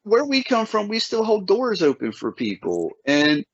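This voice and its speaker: A man with an Appalachian accent chats casually as a host, stumbling over restarts before his thoughts land. His pitch swings widely and the audio is dull and lo-fi, with a dry, close sound. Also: wildly swooping pitch, moderate pace, slightly rough, no room sound. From Southern Ohio, USA. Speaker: podcast host. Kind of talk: casual chat.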